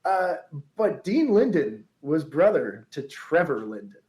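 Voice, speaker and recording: A man's voice: on the high side, sing-song, unhurried, darkish tone, low-quality recording. A man co-hosting a podcast, telling a story in a chatty way, laughing often and reading quotes aloud.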